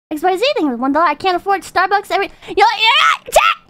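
A woman streamer ranting and reading chat in a profane, animated, casual way. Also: very high-pitched, a little hiss or hum.

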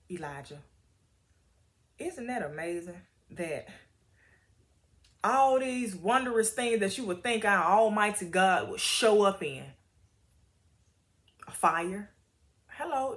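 A woman reading Bible passages aloud and commenting in a chatty, animated way. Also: medium pitch. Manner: animated, chatty, laughs often. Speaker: Bible story teacher.

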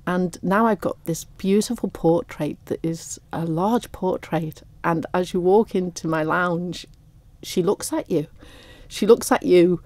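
A woman of fifty or older, a guest on a radio interview, speaking warmly and near tears, laughing often. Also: fairly low pitch, measured pace, no echo. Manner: warm, tearful, laughs often. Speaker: radio guest, raffle prize winner.

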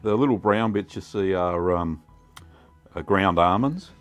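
A middle-aged Australian man hosting a casual cooking vlog, chatty and relaxed with many ums. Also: deep voice, unhurried, soft background music. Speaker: cheesemaking channel host.

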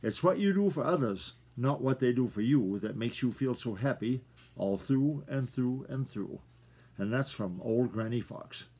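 An older man reading a children's story aloud as a grandfather, with a husky voice and folksy, chatty asides to his listeners. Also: mid-range voice, darkish tone.

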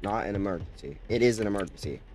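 A man's voice: lively intonation, fast talker, darkish tone. Cursing young man gaming. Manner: mutters low, then bursts into screaming cursed threats. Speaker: gaming channel host. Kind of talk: profane let's-play commentary.

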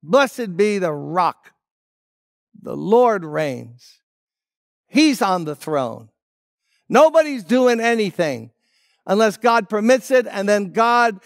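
A man preaching a sermon as pastor, emphatic, dropping to hushed tones and rising on key words. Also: sits high, dry recording, studio quality. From United States.

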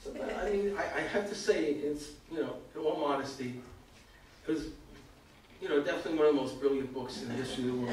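An older American man telling a humorous story at a community evening, self-mocking and animated, acting out other people's lines. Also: a little high, quick pace, a little hiss or hum. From United States. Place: event hall. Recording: echoey hall, far from the mic.

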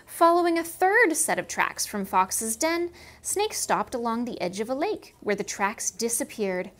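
A Canadian woman, a museum educator, teaching small children and reading a storybook aloud. She speaks slowly in a sing-song way and asks the kids questions. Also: a little high, sing-song, a bit bright.

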